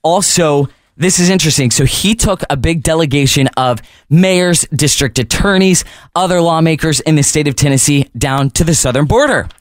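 A man's voice: fairly high pitch, normal speed, no room sound, studio quality. A man hosting a radio morning show, talking casually and upbeat straight to his listeners. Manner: chatty, upbeat, addresses listeners directly. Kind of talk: casual talk radio monologue.

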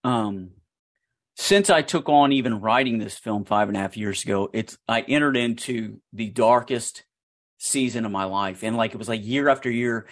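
A man, a filmmaker guest on a radio show, telling his story in an animated, excitable way that often jumps up in pitch. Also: normal speed. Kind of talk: storytelling interview.

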